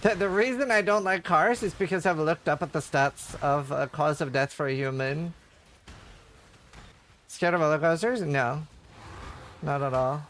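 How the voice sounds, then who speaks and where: A man chats on a livestream at a slightly higher pitch than most men. He rambles through stories and keeps reaching for filler words. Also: moderate pace, long pauses, fairly bright tone, a little hiss or hum. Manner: rambling storytelling, heavy on fillers. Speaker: streamer. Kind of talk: casual livestream chat.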